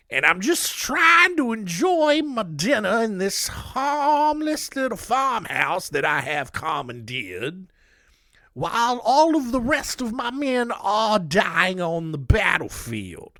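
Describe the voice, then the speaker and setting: A man's voice: high voice, sing-song, takes it slowly, sharp tone, dry recording, studio quality, voice pushed up, exaggerated voice. A man putting on a pompous mock-British general. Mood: pompous, indignant. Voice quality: mock British accent, blustering. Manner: haughty, indignant about his dinner. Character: pompous Confederate general, middle-aged man.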